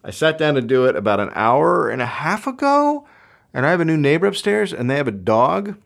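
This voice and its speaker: A man's voice: on the high side, very animated, a little fast, gravelly. A man hosting a podcast alone, riffing in a profane, sarcastic, rambling comedic monologue into a microphone at home. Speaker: podcast host. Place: home closet studio. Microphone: studio microphone.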